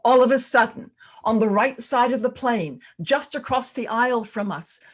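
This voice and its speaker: Older woman telling a tense story. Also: on the high side. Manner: dramatic pauses, drops to a hush at tense moments. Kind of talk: personal story told live. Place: storytelling event.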